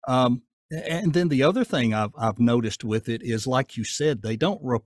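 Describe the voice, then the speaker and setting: A man with a Southern accent, talking casually in an interview in a folksy, down-to-earth way with a gruff edge. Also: mid-range voice, normal speed, dry recording, studio quality. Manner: folksy, down-to-earth, rambling with fillers. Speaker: voice actor guest.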